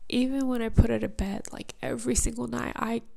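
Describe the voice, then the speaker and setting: A woman in her thirties hosting a podcast, speaking softly in a half-whispered, tearful, reflective way. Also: fairly high pitch, steady tone, brisk. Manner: soft, breathy, half-whispered delivery. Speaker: podcast host.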